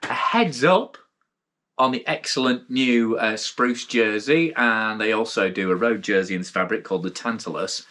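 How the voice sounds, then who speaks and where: Low-voiced British man reviewing gear frankly. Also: moderate pace, sharp tone. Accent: British English. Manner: frank and rambling, with frequent restarts and blunt asides. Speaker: mountain bike gear reviewer, channel host. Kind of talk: casual spoken product review.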